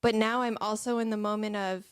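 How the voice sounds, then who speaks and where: A woman in her thirties co-hosts a casual morning show in a plain, conversational voice, often backing her partner up with quick affirming murmurs. Her voice sounds close and dry, with no room echo. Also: mid-range voice, fairly even intonation, clear, resonant tone. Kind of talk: casual chat.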